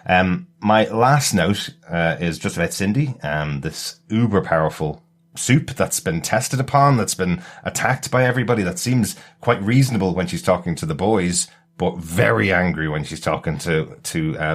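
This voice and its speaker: A man's voice: low-pitched, moderate pace. A man hosting a podcast in casual chat, rambling along with lots of fillers and restarts. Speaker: podcast host.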